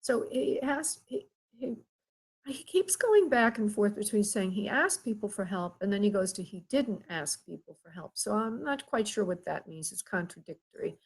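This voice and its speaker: A woman hosting a live psychic reading, speaking haltingly with many pauses and calling the caller by endearments. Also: medium pitch, animated, breathy edge, low-quality recording. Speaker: psychic medium host.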